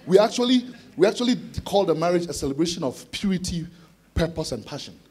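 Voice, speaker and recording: A man preaching an expository sermon to students, animated, acting out voices with sudden shouted bursts. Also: sits high, fast talker, breathy edge. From Ghana. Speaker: conference speaker preaching to students.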